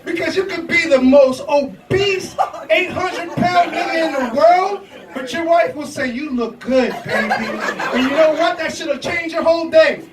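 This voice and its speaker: A man's voice: very high voice, moderate pace. A young man doing a loose, profane stand-up set, laughing at his own jokes. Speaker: stand-up comedian. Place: comedy club stage. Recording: echoey club room from a distance, audience noise. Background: crowd laughter and reactions.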